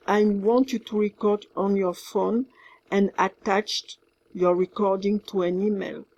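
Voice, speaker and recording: A woman with a French accent records instructions for her class. She talks slowly and carefully, repeating her points, with a slightly husky voice. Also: medium pitch, a little mellow. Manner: slow, careful, repeats herself, mixes in French words. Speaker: French teacher.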